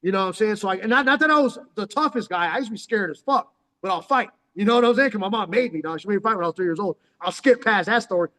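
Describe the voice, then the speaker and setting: A man's voice: sits high, very fast, pushed and bright. A man in his forties from San Diego telling a story in casual, slangy, profane talk that is full of "dog". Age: 40s. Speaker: vlogger. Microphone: headphones on. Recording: long echoing reverb.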